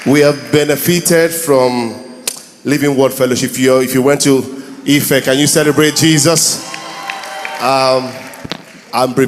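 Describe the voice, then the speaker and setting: A Nigerian man in his thirties telling comic stories live, urging the crowd to clap and shout. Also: mid-range voice. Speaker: comedian. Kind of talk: live stand-up storytelling. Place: church hall. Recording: reverberant hall with faint noise.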